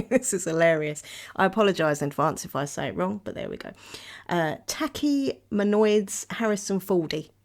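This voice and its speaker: A woman hosts her own podcast, chatting away casually and rambling from one thing to the next with frequent giggles. Her voice sits slightly low and carries a gravelly fry. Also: a little fast. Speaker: podcast host. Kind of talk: casual solo chat.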